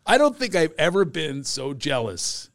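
A man's voice: fairly high pitch, big pitch swings, moderate pace, no room sound, clean studio sound. An older man, a comedian hosting a podcast, chatting casually and jokingly and laughing often. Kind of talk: casual chat.

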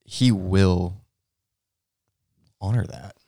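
A man co-hosting a podcast discussion, soft-spoken and hesitant, with frequent ums. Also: low-pitched, extremely slow, vocal fry, no echo, studio quality. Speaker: podcast co-host.

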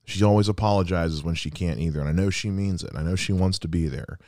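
Man in his thirties, podcast host, very low voice, dry close sound, earnest reflective monologue. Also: fast, darkish tone, no echo. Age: 30s. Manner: earnest and reflective, with quoted asides. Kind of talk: heartfelt solo podcast monologue.

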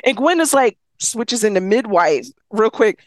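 A woman's voice: a little high, big pitch swings, unhurried, no echo. A woman co-hosting a podcast, casually retelling a story and acting out the characters' lines, swearing freely. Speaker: podcast co-host recapping a story. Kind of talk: casual chat, retelling a book with acted quotes.

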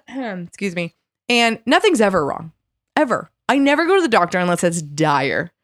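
A woman's voice: mid-range voice, moderate pace, no echo, clean studio sound. Blunt, ranting sick woman. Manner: blunt, animated ranting with acted-out quotes. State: sick, congested. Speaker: podcast co-host. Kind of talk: casual chat.

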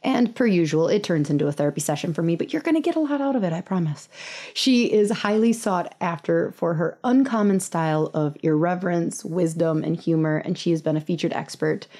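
A woman's voice: fairly low pitch, fairly quick. A woman from Southern California hosting a podcast, giving a chatty, reassuring intro and pep talk. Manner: gentle, reassuring, chatty with fillers. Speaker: podcast host.

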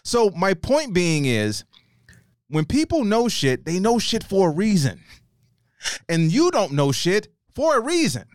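A man ranting in casual podcast chat, exasperated and quick to swear. His voice is a bit high and comes across smooth and clear, close and dry with no room sound. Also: wildly swooping pitch, no echo.

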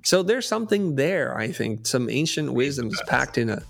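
A man talking as a podcast guest and coach, telling stories in an animated, emphatic way. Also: medium pitch, moderate pace, creaky. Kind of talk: storytelling in conversation.

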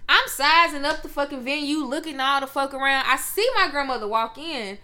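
High, bright-voiced profane woman. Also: a little fast. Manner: brash, profane storyteller acting out quotes. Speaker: podcast co-host. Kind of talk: casual chat.

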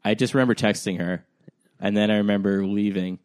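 A young man with a lowish voice tells a story in casual podcast chat, loose and rambling, full of "like" and "um" as he pokes fun at himself. The sound is dry and close, with no room echo. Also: steady tone, a little fast, darkish tone, clean tone. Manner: rambling, full of "like" and "um", self-deprecating. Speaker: podcast co-host.

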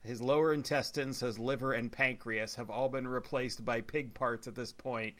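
Bright-voiced man in casual chat. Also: mid-range voice, moderate pace. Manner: animated retelling, many "like" fillers, frequent laughter.

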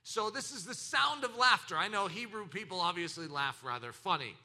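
A man delivers a sermon in a high, very bright voice that leaps up and down in pitch. He swings between loud exclamations and near-whispered lines. He slips into quoted voices and mock laughter as he preaches. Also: expressive, normal speed. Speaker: pastor.

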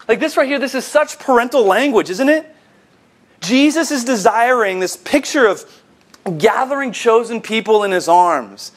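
A male pastor preaching a sermon, telling a scene vividly and swinging between hushed, slow lines and emphatic, rising ones. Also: very high-pitched, lively intonation.

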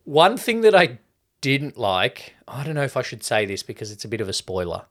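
A man's voice: medium pitch, sing-song, fairly quick. Rambling man reviewing a film. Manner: rambling, swears casually, retells plots loosely. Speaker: podcast co-host. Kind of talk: casual film-review chat.

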